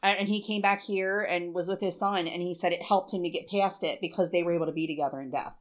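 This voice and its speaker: A woman's voice: lowish voice, steady tone, fast talker. Woman in her 40s yakking on a podcast, swears a lot, gets all emotional telling stories. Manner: chatty, swearing, emotional storytelling. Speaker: podcast co-host. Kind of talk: casual chat.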